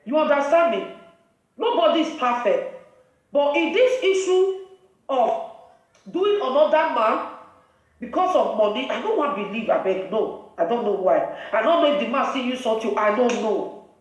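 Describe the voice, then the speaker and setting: A woman's voice: fairly high pitch, lively intonation, normal speed. A woman with a Nigerian accent, hosting a live video and scolding in a preachy, emphatic way. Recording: very echoey room, voice far from mic.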